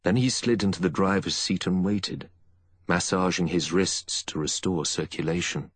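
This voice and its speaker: A man reading a novel aloud as narrator in a steady storytelling voice. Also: low voice, normal speed, breathy edge, no echo. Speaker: audiobook narrator. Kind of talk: scripted narration.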